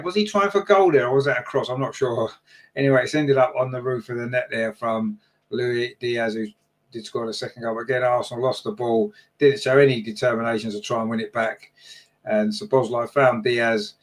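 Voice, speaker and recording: A man's voice: mid-range voice, fairly even intonation, fairly quick. A man giving live fan-channel football commentary, chatty and partisan, his voice jumping up when chances come.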